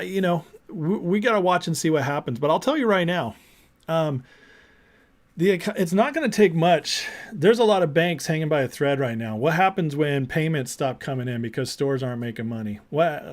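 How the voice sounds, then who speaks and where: A man hosting a political commentary show, ranting emphatically and indignantly, often repeating words. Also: on the high side.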